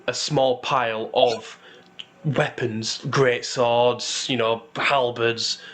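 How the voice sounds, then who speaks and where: A man running a tabletop role-playing game with a mid-pitched voice. He narrates loosely, with fillers and wry asides. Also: takes it slowly. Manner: relaxed, full of fillers and restarts, wry asides. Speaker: game master.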